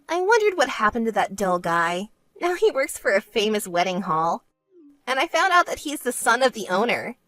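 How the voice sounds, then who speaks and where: A woman voicing a vain, self-centered young woman who talks in a smug, whiny way and turns shrill when angry, in an animated story. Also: moderate pace, no room sound. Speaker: bride-to-be sister.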